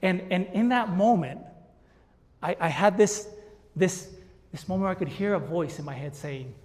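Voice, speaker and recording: A man giving a keynote on a conference stage, telling a story in an animated way and acting out the voices. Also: fairly high pitch, normal speed, pauses often. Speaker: keynote speaker. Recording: long hall reverb.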